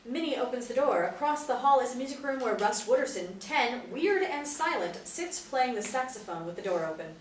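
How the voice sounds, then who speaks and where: A woman reads the stage directions of a TV pilot aloud in a steady, matter-of-fact way. She sounds far from the mic in an echoey room with faint noise behind. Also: a little high, moderate pace, hardly any pauses. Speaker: narrator. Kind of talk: reading stage directions at a table read. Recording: roomy, distant mic.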